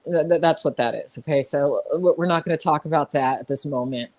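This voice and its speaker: A woman hosting a podcast gives measured advice in casual chat, often stumbling and repeating her words. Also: sits low, a little mellow. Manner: measured, hesitant, repeats words while reassuring. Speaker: podcast host.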